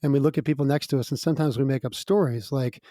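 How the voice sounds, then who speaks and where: A man's voice: medium pitch, fairly even intonation, fast talker, dark tone, dry recording, clean studio sound. A middle-aged man, a guest musician, telling stories in a chatty way, laughing between lines. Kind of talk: casual storytelling interview.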